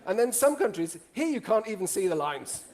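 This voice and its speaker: A middle-aged man from Italy, telling jokey stories to a live audience in an animated way and asking the audience questions. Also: high voice, fairly quick, background noise. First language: Italian. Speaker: speaker. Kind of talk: storytelling talk to a live audience.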